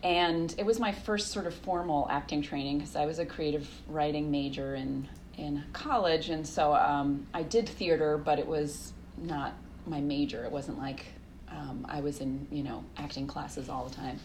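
A woman in her thirties, a guest telling lively stories in casual conversation, laughing often and acting out quotes. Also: low-pitched, moderate pace, slight background noise. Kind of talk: casual interview storytelling.

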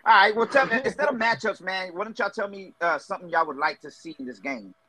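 A man's voice: sits high, quick pace, pushed and bright, no room sound, poor audio. A man hosting a sports podcast, hyped and slangy, steering the talk. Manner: hype, slangy. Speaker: podcast host. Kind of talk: casual sports chat.

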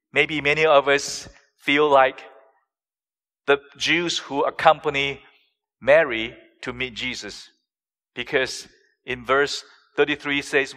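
A man preaching a sermon, slow and deliberate, with dramatic rises in pitch and volume on key phrases. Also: fairly bright tone, in a large hall. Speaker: pastor.

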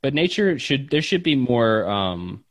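Lively playful man in casual chat. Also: medium pitch, unhurried, dry recording, clean studio sound. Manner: playful, absurd riffs, swears casually.

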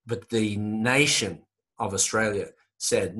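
A man's voice: on the low side, a little slow, a bit bright. A man hosting a podcast, telling a rambling story in casual chat with emphatic repetition.

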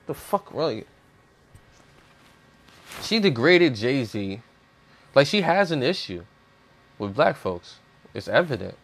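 Male commentator, mid-pitched, heated, blunt, swears nonstop in a profane rant.

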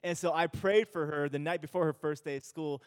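A man's voice: fairly high pitch, fairly even intonation, fairly quick, smooth, long reverb tail. A male pastor giving an earnest sermon, repeating himself and restarting phrases as he speaks.

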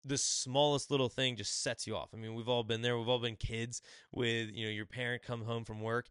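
A man's voice: mid-range voice, level tone, fairly bright tone, clean tone, no echo. Guy chatting solo on his podcast, rambly, does little voices for quotes, dead dry room. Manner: rambling, acts out quotes in quick asides. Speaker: podcast host. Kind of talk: casual solo book review.

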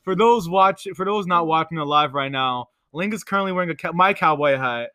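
A man's voice: fairly high pitch, fairly quick, bright, forceful tone, no room sound, clean studio sound. A man co-hosting a podcast in casual chat, teasing and giggling. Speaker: podcast co-host.

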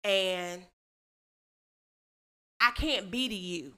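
A woman's voice: mid-range voice, very slow, bright, forceful tone, clean tone. A woman co-hosting a podcast, explaining her view emphatically in casual chat and often restarting her sentences. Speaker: podcast co-host.

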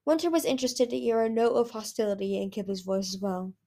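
A woman's voice: a little high, animated, quick pace, dark tone. Woman reading a novel aloud. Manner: hesitant, with frequent restarts. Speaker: audiobook reader.

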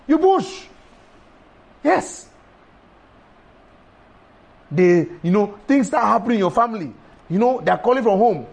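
A man preaching a sermon, emphatic and repetitive, breaking into sudden high exclamations. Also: gravelly.

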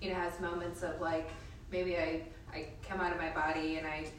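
A woman's voice: sits low, recorded from a distance. Woman chiming in from the audience, stop-start delivery, off-mic in a big echoey room with audible noise. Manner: halting, restarts, animated. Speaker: workshop participant. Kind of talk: casual group discussion.

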